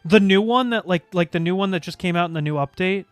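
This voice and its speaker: A man with a somewhat high voice chats casually and excitably on stream, breaking into gasps and hummed tunes. The recording is dry and close-miked, with faint background music. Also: fast, smooth, dry recording. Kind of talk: casual chat.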